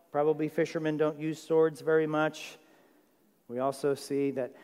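A man's voice: a little high, a little mellow. A male pastor preaching a sermon in a chatty, conversational way, checking in with his listeners. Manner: conversational, asks the audience questions. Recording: long hall reverb.

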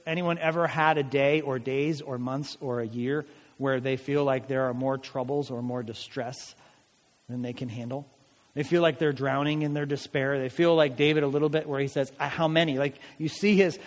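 A man preaching a sermon as pastor, dramatic and emphatic, asking rhetorical questions of the congregation. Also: on the high side. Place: church hall. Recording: long hall reverb.

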